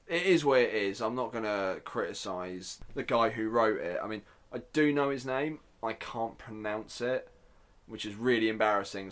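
Guy rambling on his podcast, lowish voice, self-deprecating and jokey. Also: fairly bright tone. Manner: chatty, self-deprecating, joking asides. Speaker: podcast host. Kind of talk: casual solo podcast talk.

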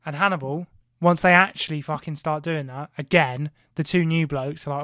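A man co-hosting a podcast, retelling history in an animated comic way, full of swearing and rhetorical questions. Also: on the high side, moderate pace, no room sound, studio quality. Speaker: podcast co-host.

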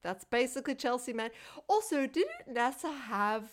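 A woman co-hosting a casual film review podcast, laughing, swearing freely and talking with animated energy. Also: high voice, moderate pace. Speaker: podcast co-host.

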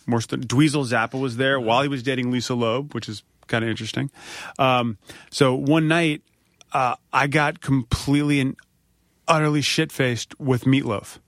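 Animated man telling a story. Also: medium pitch, normal speed, no room sound, clean studio sound. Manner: animated storyteller, swears freely. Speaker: podcast host. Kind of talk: casual podcast chat, storytelling.

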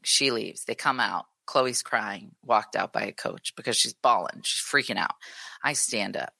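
A woman in her thirties with a strikingly low, gravelly voice that carries a bright, forceful edge. She chats casually on a podcast, telling stories with animated quoted lines. The recording is close and dry. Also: moderate pace, no echo. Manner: animated storytelling, acts out quotes. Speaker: podcast co-host. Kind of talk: casual chat.

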